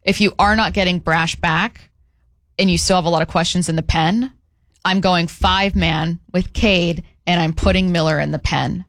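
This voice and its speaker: A woman co-hosts a casual sports talk show in a slightly low voice. She is opinionated and often restarts her sentences. The sound is dry and close. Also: steady tone, moderate pace, fairly bright tone, no room sound. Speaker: co-host.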